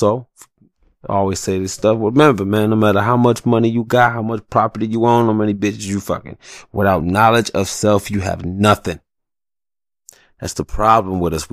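A man's voice: fairly low pitch, no echo, studio quality. A young adult man hosting a solo podcast, talking in a passionate, profane rant full of slang. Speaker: podcast host.

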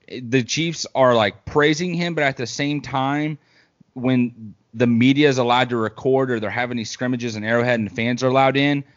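A man's voice: mid-range voice, muffled recording. A man co-hosting a casual sports talk show, rambling through football picks with plenty of fillers. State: hiccups. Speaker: podcast co-host.

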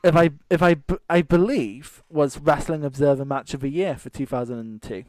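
A man's voice: a little high, moderate pace, a little mellow, dry recording. A Scottish man co-hosting a podcast in casual chat, rambling and laughing as he cuts himself off. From Scotland. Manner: rambling, laughing often, self-interrupting. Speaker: podcast co-host.

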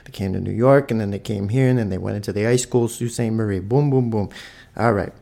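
Man, gravelly voice, casual storytelling podcast host, swears freely. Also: on the low side, brisk. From Toronto, Canada. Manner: animated, swears freely, adds punchy sound effects.

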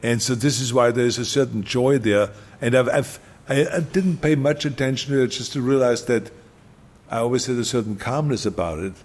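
A man's voice: medium pitch, normal speed. An older man with an Austrian accent, a guest telling his story in casual talk, emphatic and repeating key phrases for punch.

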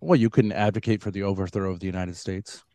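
A man on a debate panel, talking haltingly with many stops and restarts as he argues. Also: low-pitched, fairly even intonation, warm tone, dry recording. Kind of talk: heated debate.

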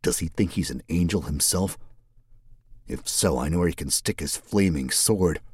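A man's voice: low voice, moderate pace, a little mellow, slightly rough, dry recording. A man voicing a sarcastic, tough male private detective who talks in a blunt, wisecracking way. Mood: sarcastic angry.

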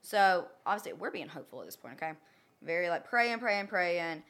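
A woman's voice: fairly low pitch, lively intonation, a little fast, a bit bright, clean tone. A young woman casually telling a personal story. She talks bluntly, swears freely and keeps checking in with "okay?".

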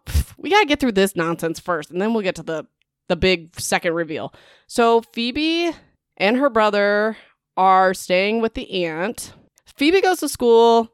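Chatty sarcastic woman, smooth dry voice. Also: medium pitch, no echo. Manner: chatty and sarcastic, peppered with "like" and "whatever"; dramatic teasing asides to the audience. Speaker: book reviewer. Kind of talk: casual chapter-by-chapter book recap.

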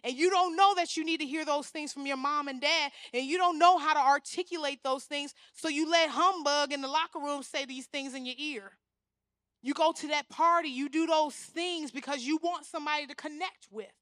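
A young woman preaching a sermon, animated, often acting out the voices she quotes. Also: sits high, normal speed, no room sound, clean studio sound. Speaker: guest speaker.

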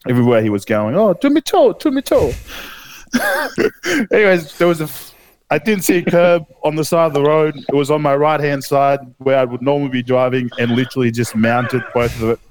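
A man's voice: medium pitch, steady tone, fast talker, darkish tone. A young Australian man casually telling a long story on a podcast, swearing a lot and using many fillers. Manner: laid-back storytelling, heavy swearing, lots of fillers. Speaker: podcast co-host. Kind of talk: casual chat.

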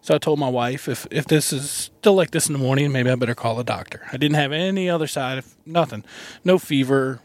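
A man sits in a van as a guest, telling his story in a relaxed, halting way and chuckling between thoughts. His voice sits at an average pitch, and the recording is close and dry. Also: no room sound. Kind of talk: casual storytelling. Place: inside a parked van.

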